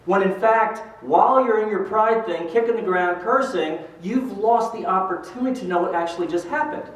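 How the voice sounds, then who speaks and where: A man's voice: high voice, normal speed, distant mic. Older man telling stories in an echoey hall. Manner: animated storyteller acting out quoted voices. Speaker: speaker at a pro-life event. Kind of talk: motivational talk with stories.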